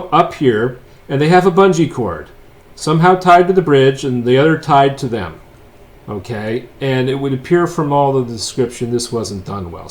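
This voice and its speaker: A man teaching a physics lecture in a casual, joking way, telling a story with wry asides before working through a problem. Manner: wry, joking storyteller, swings between loud and low asides. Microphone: unseen lecturer, voice-over of board work.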